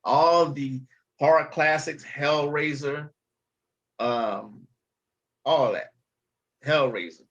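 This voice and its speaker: A man's voice: on the high side, takes it slowly, long pauses, a bit bright, dull audio. Fields: blunt man ranting in a vlog clip. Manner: blunt and emphatic. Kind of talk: casual vlog rant.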